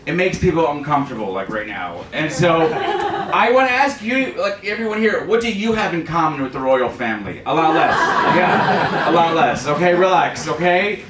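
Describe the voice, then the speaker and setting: Young New comic, lively, roomy club. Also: male voice, fairly high pitch, normal speed, far from the mic, noisy background. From New York City. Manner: self-deprecating, dark deadpan jokes with loud shouted punchlines. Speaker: stand-up comedian. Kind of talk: stand-up comedy set. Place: comedy club stage, live crowd. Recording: roomy live club audio with crowd laughter.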